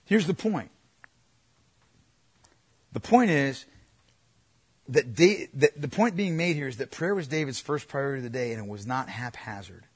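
Man, husky preacher, earnest sermon delivery, shifts from hushed to emphatic. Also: mid-range voice, animated, normal speed, long pauses. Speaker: pastor.

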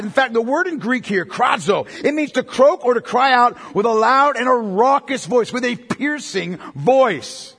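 A male pastor preaching a sermon with passion, going from loud cries to hushed tones. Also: very high-pitched, lively intonation, moderate pace, husky. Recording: long reverb of a large hall.

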